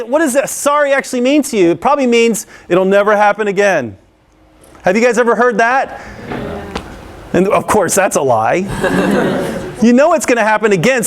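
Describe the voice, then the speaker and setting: A man giving an interactive anti-bullying talk to a school audience, asking questions and laughing often. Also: extremely high pitch. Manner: engaging, peppers the audience with questions; laughs often and acts out scenes.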